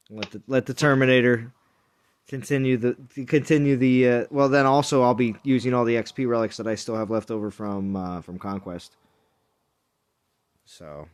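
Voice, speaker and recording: A man streaming a mobile game, chatting in a rambling, jokey way with friends and viewers. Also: mid-range voice. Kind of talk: casual live-stream chat.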